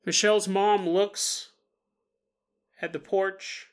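A man hosting a paranormal podcast, retelling a reader's story in an animated way with acted-out quotes and small stumbles. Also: high-pitched, slow pace, clear, resonant tone.

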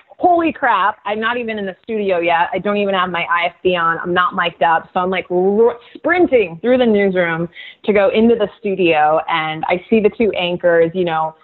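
A woman TV host telling stories as a podcast guest, animated and laughing often, with lots of "like" fillers. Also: lowish voice. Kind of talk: casual podcast interview storytelling. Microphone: remote call. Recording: tinny phone-like call audio.

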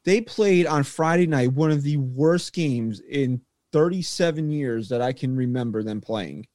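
A man's voice: medium pitch, a little slow, darkish tone, dry recording, studio quality. Exasperated, blunt man in his forties. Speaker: podcast co-host. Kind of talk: casual sports chat.

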